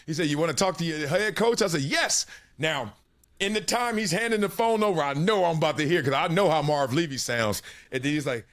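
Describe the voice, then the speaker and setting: Lively storytelling man from Los Angeles. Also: fairly high pitch, a little fast. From South Central Los Angeles. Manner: animated, laughing, acts out voices in anecdotes. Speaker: guest, former football player. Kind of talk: casual storytelling.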